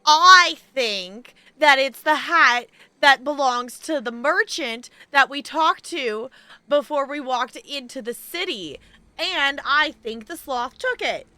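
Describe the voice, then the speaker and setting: A woman's voice: high-pitched, animated, slow pace, sharp tone, no room sound. A woman streaming a game, chatting bubbly and casually with her viewers as she plays. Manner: bubbly and chatty, talks to chat. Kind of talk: live gameplay commentary.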